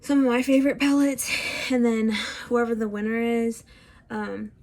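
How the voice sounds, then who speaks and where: Her voice is fairly high with a darkish, steady tone at a moderate pace: a young, heavily pregnant woman doing her makeup on camera at home. Out of breath and sighing often, the beauty vlogger keeps her tutorial chat casual and self-deprecating.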